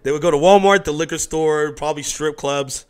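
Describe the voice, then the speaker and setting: A man's voice: a little high, a little fast. A man hosting a casual interview in his home studio, telling loose, profane stories and acting out the people in them. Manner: loose, profane storytelling with impressions of others. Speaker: podcast host.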